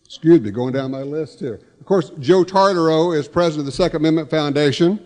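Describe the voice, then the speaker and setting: A man's voice: on the high side, brisk, a little mellow, a little hiss or hum. Folksy man emceeing in an echoing hall. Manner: folksy, with self-correcting restarts. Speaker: emcee at an awards luncheon. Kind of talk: joke-telling emcee remarks. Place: large banquet hall.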